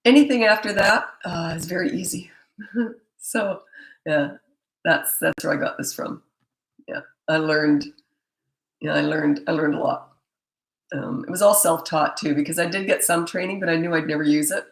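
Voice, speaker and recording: A woman's voice: sits low, normal speed, gravelly, long pauses. A middle-aged woman, a parenting coach, answering viewer questions in a blunt, emphatic and opinionated way. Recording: echoey room.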